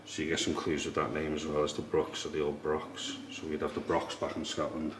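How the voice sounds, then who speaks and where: Man, very deep monotone voice, hushed tour-guide vlog, echoey room with noise. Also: fairly quick. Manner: hushed, low-key explaining. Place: museum in an old priory, indoors.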